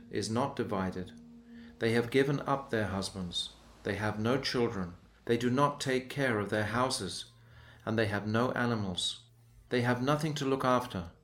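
A man reading a devotional story aloud in a measured, reverent manner. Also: medium pitch.

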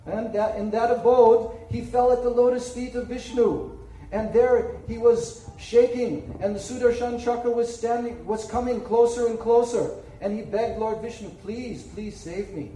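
A man's voice: very high voice, warm tone, slight background noise. A man giving a sermon, telling a sacred story dramatically and checking in with listeners. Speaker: spiritual speaker. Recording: echoey room, distant mic, faint ambience.

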